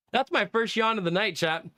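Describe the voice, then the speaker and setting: A man's voice: high-pitched, sharp tone. A young man streaming live, rambling casually to his chat about which games he plans to play, with lots of fillers. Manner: rambling, thinking aloud, frequent fillers and laughs.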